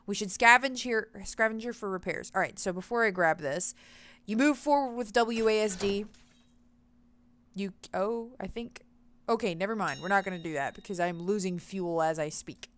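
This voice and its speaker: A woman's voice: mid-range voice, normal speed, slight background noise. Chatty woman reading game text aloud. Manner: excitable, chatty, reacts aloud while reading. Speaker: let's play host.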